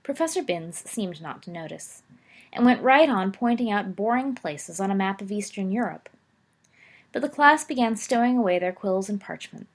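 A woman narrating a story aloud, expressive with occasional slips and self-corrections. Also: mid-range voice, moderate pace. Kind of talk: audiobook narration of fan fiction.

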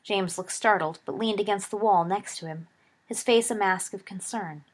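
Husky-voiced woman reading a story. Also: medium pitch, moderate pace. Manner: expressive, shifts voice for dialogue. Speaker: audiobook narrator. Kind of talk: storytelling read-aloud of fan fiction.

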